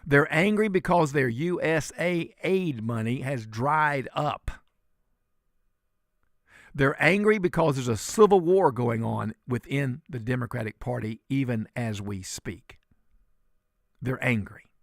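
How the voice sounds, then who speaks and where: A man's voice: medium pitch, lively intonation, slow, creaky, no echo, clean studio sound. A man, filling in as a talk radio host and delivering fiery, indignant commentary.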